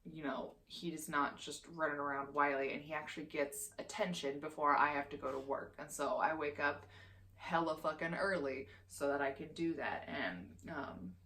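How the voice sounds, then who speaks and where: A woman's voice: low-pitched, normal speed, fairly bright tone. A woman in her twenties ranting as a vlogger, heated and profane, swearing constantly. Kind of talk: heated opinion rant.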